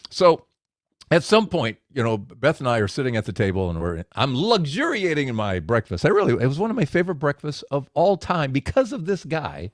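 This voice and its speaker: A man giving a devotional message for men, storytelling with lively acted-out quotes. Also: mid-range voice, a little fast, dry recording, clean studio sound. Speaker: speaker of a men's devotional.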